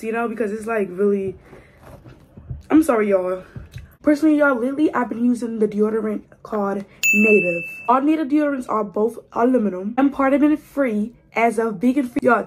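A young woman in her twenties chatting casually to camera as a beauty vlogger, her voice raspy from a cold, playful and teasing. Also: fairly high pitch, a little mellow, slight background noise. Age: 20s. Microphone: phone camera.

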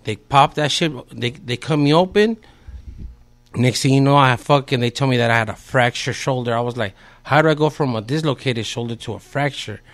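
A man's voice: mid-range voice, a little fast. A man, a podcast guest telling a story in a laid-back, slangy way with heavy swearing. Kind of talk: casual storytelling.

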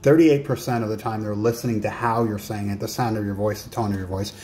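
Man coaching in a low voice. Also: steady tone, fast talker, darkish tone, slight background noise. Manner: direct, talks to the listener, gives writing tasks. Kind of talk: recorded coaching lesson.

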